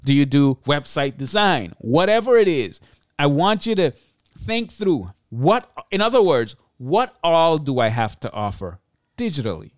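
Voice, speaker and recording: A tired man hosting a solo podcast, teaching in an energetic, chatty way with self-deprecating asides. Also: on the high side, unhurried, dry recording, studio quality. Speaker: podcast host. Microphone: close podcast mic.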